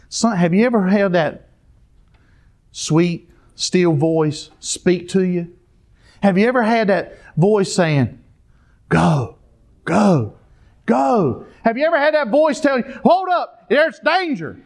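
Preacher, high voice, unhurried, talks straight to the church. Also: male voice, expressive, a little mellow. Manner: storytelling, addresses the congregation directly. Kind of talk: sermon.

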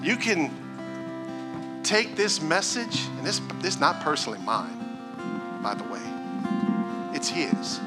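A man preaching a sermon as pastor, piling up rhetorical questions and moving between loud exhortation and hushed talk. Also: on the high side, big pitch swings, takes it slowly, pauses often, loud music behind the voice. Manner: rhetorical, building "what if" questions.

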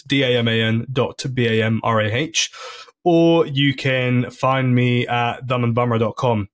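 A man chats casually as a podcast guest. He is laid-back and laughs easily, with a voice of ordinary middle pitch. His talk is loose and friendly, full of "man" and "bro". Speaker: comedian guest.

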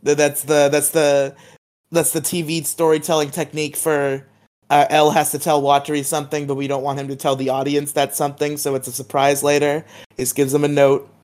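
A man's voice: fairly high pitch, completely flat delivery, brisk, a little mellow. A man co-hosting a podcast, recapping a TV episode in a chatty way full of fillers. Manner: chatty, filler-heavy retelling of scenes. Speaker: podcast co-host.

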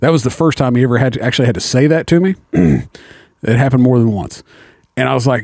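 A man's voice: mid-range voice, fast talker, a little mellow, no room sound, clean studio sound. A man telling a profane story in a casual chat, breaking into laughter now and then.

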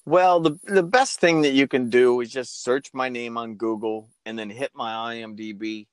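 A man's voice: mid-range voice, steady tone, moderate pace, clear, resonant tone, dry recording. A man from Portland, a guest in a casual interview, chatty and jokey, telling anecdotes.

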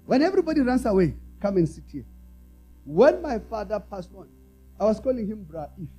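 High, lively preaching man. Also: brisk, faint music behind, rough recording. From South Africa. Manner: call-and-response preaching, asks the congregation to repeat lines; swings from quiet, low asides to loud, raised exhortation. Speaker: apostle preaching. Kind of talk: sermon.

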